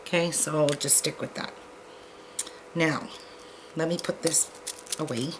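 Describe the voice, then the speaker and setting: Woman, low-pitched, chatty self-deprecating craft tutorial host, faint hiss behind her. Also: steady tone, measured pace. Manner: chatty, self-deprecating, talks to viewers while working.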